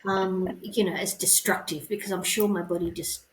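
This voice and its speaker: A woman's voice: fairly low pitch, steady tone, moderate pace, a little hiss or hum. A woman co-hosting a podcast in casual chat, musing aloud and often exclaiming. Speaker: podcast co-host. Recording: roomy echo.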